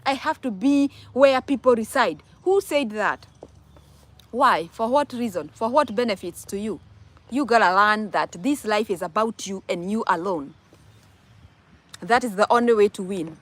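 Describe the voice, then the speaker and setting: A woman's voice: a little high, dry recording. A young woman with a Kenyan accent giving casual advice to viewers, emphatic, asking rhetorical questions and repeating words. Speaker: vlogger answering viewer questions.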